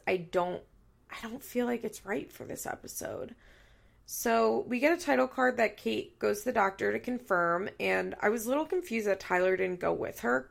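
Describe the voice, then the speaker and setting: A woman's voice: a little high, gravelly. A woman in her thirties hosting a recap podcast, talking candidly and tearfully, blunt and profane, rambling and correcting herself as she goes. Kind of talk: candid casual chat.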